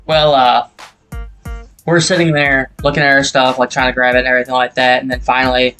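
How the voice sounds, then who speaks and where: A young man of middling pitch tells a frustrating story in a loose, rambling way and swears freely as he gets worked up. Soft music plays faintly underneath. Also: level tone, fairly quick. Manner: heated, profane, rambling retelling. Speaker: gaming channel host. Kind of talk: casual storytelling over gameplay.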